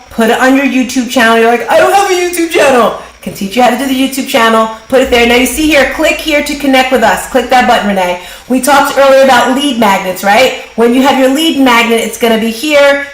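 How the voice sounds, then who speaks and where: A woman hosting a live online business workshop, brisk and upbeat, giving quick directions over a video call. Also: fairly high pitch, reverberant, rough recording. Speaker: workshop host and business coach.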